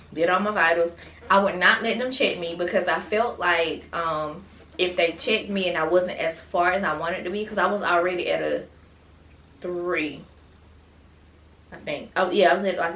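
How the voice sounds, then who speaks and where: Low-voiced woman chatting to her viewers. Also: fairly bright tone, a little hiss or hum. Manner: chatty, talks straight to viewers with frequent asides. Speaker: mother sharing her birth story. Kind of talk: casual storytelling vlog. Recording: roomy sound from a distance.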